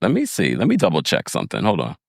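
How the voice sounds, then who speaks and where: Speaking fast with a low voice and vocal fry, a man livestreams casually, recapping a reality show and reading out viewer comments through laughter. He's animated and talks right to his viewers, and the studio-quality recording carries no room sound.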